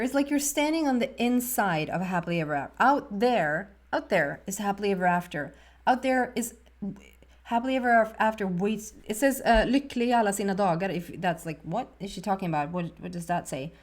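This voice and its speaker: Soft-spoken woman giving a tarot reading. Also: medium pitch. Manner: soft, meandering, often trails off and restarts. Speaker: tarot reader.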